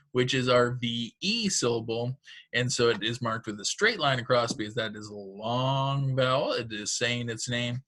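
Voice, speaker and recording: A man's voice: medium pitch, bright, forceful tone. A male teacher giving patient, step-by-step instructions in a recorded phonics lesson for children and their parents.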